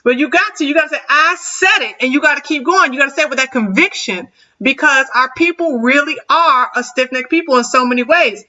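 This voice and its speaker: A woman hosting a casual panel chat, animated and laughing often. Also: high voice, fast talker, distant mic, dull audio. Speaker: host.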